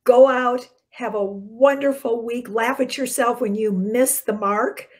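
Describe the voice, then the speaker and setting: A woman's voice: a little high, unhurried. Woman giving a chatty spiritual talk. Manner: conversational, warm-hearted preaching with soft dropped endings and bursts of emphasis. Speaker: minister. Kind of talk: short spiritual talk to camera.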